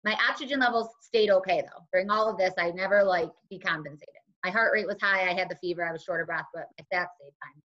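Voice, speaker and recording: A woman guest on a conversational show casually tells her own story, animatedly acting out what others said to her. Her lowish voice moves at a quick pace with few pauses, on a dull lo-fi recording with slight background noise.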